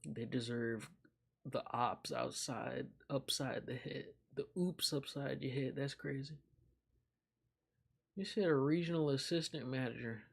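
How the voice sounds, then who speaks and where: A young male streamer drawls through a casual chat with his audience, unhurried and loose. His voice has a husky, slightly rough edge, and he swears freely and laughs as he reacts. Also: mid-range voice, steady tone. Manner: loose, profane, reacting aloud with frequent laughs. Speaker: live streamer.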